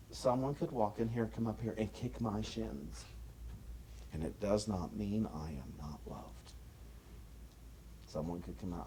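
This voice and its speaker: An American man delivering a sermon as minister, emphatic, with swings in pitch and loudness and frequent restarts. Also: a little hiss or hum. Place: church sanctuary.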